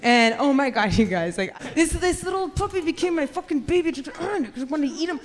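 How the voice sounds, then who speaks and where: A woman performing a stand-up comedy set, telling brash, profane stories and shouting her punchlines. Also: high voice, lively intonation, fairly quick, faint music behind. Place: comedy club stage in front of a live audience. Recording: live club recording with reverb and crowd noise. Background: audience laughter.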